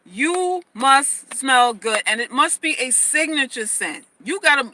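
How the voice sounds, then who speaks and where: A woman's voice: high voice, sharp tone, no echo, low-quality recording. A woman hosting a casual livestream advice talk, emphatic, often repeating phrases and restarting sentences. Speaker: host.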